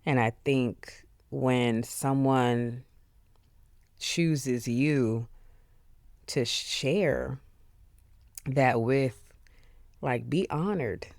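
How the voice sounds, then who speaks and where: Slow, earnest podcast host. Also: medium pitch, a little mellow, no room sound, studio quality. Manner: earnest and heartfelt, with many pauses and fillers. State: emotional. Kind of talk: solo reflective podcast monologue.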